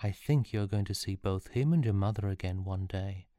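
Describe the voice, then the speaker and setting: A man voicing a gentle, ageless young woman who travels through time, speaking softly and earnestly. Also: low-pitched, normal speed, no room sound, studio quality, close to an everyday voice. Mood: tender.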